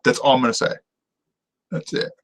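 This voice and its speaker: A man's voice: medium pitch, wildly swooping pitch, fairly quick, a bit bright, low-quality recording. A man hosting a casual TV review show, talking in an enthusiastic, rambling way and laughing often. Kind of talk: casual on-camera review chat.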